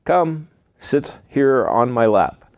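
A man voicing a loving, patient father in a read-aloud storybook, speaking slowly and reassuringly. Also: mid-range voice, expressive, a little mellow, no echo.

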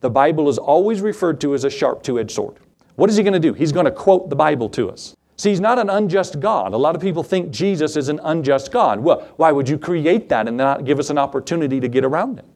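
A man preaching a sermon to his congregation, animated, acting out Bible scenes in quoted voices. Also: a little high, a little fast. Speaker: pastor.

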